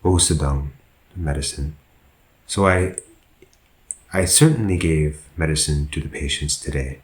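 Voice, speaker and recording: A man with an extremely deep voice teaches a Pāli grammar lesson, moving through each sentence at a slow, deliberate pace. He pauses often and corrects himself. The recording carries a noticeable room echo. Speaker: Buddhist monk teaching Pāli.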